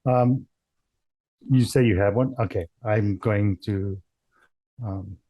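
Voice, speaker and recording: A man's voice: lowish voice, takes it slowly, dark tone, no echo, low-quality recording. A man playing a tabletop game, speaking hesitantly. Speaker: player. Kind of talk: casual game chat.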